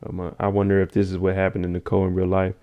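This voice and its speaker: Racing along in a monotone, this man has a clear, resonant tone, though the recording's highs are cut off. He casually summarizes a TV episode on a live stream with slang, naming chatters as he answers them and acting out scenes in high voices.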